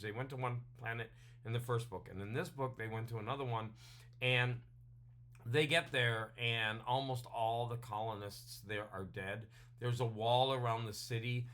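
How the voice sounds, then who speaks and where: A man with a bright, ringing voice chats casually into a home webcam mic. He rambles and drifts between topics, laughing at himself as he goes. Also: mid-range voice. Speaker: vlogger reviewing books and puzzles. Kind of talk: casual weekly vlog chat. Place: home room with his dog nearby.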